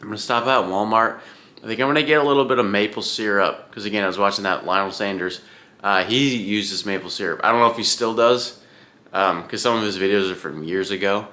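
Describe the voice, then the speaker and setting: Low, bright-voiced young man ranting casually. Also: fairly quick. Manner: chatty, swears freely, ranting. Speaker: vlogger training for an Ironman. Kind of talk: casual rambling vlog.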